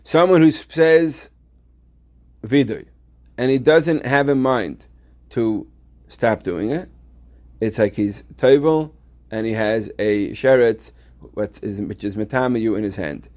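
A man's voice: mid-range voice, takes it slowly, a little mellow. A man teaching a yeshiva Torah class, explaining step by step with many restarts and reading Hebrew texts aloud.

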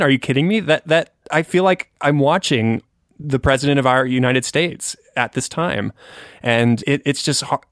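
A man's voice: mid-range voice, no echo, studio quality. A man hosting a podcast, talking earnestly about a film and searching for his words. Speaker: podcast host. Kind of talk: casual film discussion.

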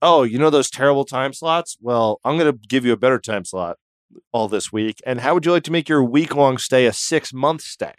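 A man voicing a smooth-talking venue owner in a comic retelling, with a salesman-like pitch. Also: fairly quick, dry recording, clean studio sound, lightly acted. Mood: persuasive.

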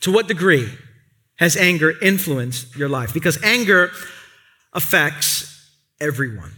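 High bright-voiced New pastor. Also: male voice, measured pace. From Brooklyn, New York. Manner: lively conversational storytelling. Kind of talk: sermon. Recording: long reverb of a large hall.

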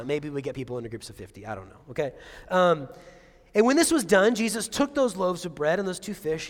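Man, pastor, conversational sermon, chatty asides, rhetorical questions, slightly high pitch, long hall reverb.

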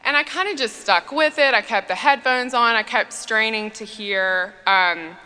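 A woman's voice: a little high, normal speed, bright, forceful tone, clear, resonant tone. A woman priest giving a humorous conference talk in a church, telling stories in a chatty way with frequent fillers. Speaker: priest and speaker. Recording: long reverb in a church.

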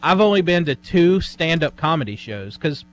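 A man's voice: fairly high pitch, big pitch swings, moderate pace. A man co-hosting a radio show, easygoing with some dry teasing. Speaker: radio co-host. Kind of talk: casual on-air banter.

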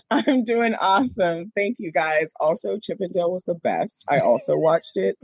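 A woman's voice: on the low side, expressive, measured pace, a little mellow, breathy edge, no room sound. Bubbly woman guest, dull lo-fi sound. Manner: bubbly, cursing, laughing. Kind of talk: casual chat.

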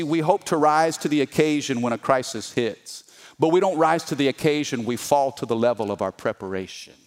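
A middle-aged male pastor preaching an energetic sermon, calling on the congregation to respond. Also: mid-range voice. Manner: animated, call-and-response with congregation.

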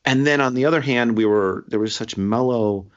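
A man telling a personal story in casual conversation, halting and restarting often and laughing as he talks. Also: medium pitch. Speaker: guest sharing a story. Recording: dull lo-fi sound.

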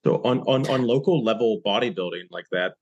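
A man's voice: lowish voice, brisk, highs cut off, slight background noise. A man co-hosting a podcast, asking curious questions in casual chat.

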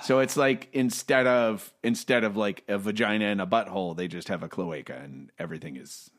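A man's voice: lowish voice, brisk. A man co-hosting a casual chat, sounding incredulous and rambling. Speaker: co-host.

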